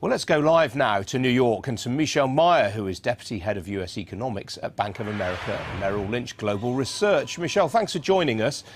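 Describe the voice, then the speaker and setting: A man's voice: medium pitch, expressive, brisk, few pauses, noisy background. A man anchoring a live news interview in a formal, polite way.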